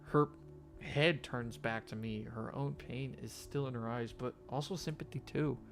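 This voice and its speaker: A man reading a game's story text aloud, slow and halting, with faint game music behind him. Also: mid-range voice. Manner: shouts profanity at a game character; reads narration quietly and haltingly. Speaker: gamer reading a visual novel aloud.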